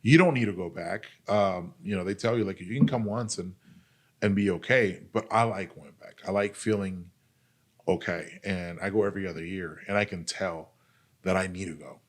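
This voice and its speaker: A man with a very low voice talks as a podcast guest. He tells his recovery story candidly and bluntly, swearing freely and leaning on "like" and "dude". His tone stays earnest as he shares his experience. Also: normal speed. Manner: blunt and profane, heavy use of "like" and "dude"; earnest, speaks openly about pain and recovery. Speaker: podcast guest, army veteran.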